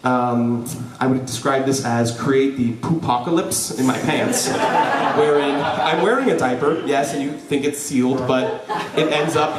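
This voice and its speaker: A young man telling a personal story live before an audience, lively and joking, with frequent "right?" asides to the crowd. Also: a little high, measured pace. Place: event hall before an audience. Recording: roomy hall, voice from a distance.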